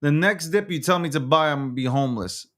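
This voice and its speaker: A man's voice: a little high, quick pace, a bit bright. A man hosting a nightly recap show, ranting angrily with lots of swearing and repetition. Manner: heated, profane, repetitive. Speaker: host. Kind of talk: angry on-camera rant.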